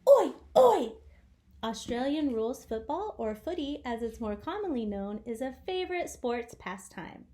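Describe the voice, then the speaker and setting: Playful, slow-talking young woman vlogger. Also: high voice, darkish tone. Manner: playful, jokey, theatrical asides. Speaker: vlog host. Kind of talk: scripted narration.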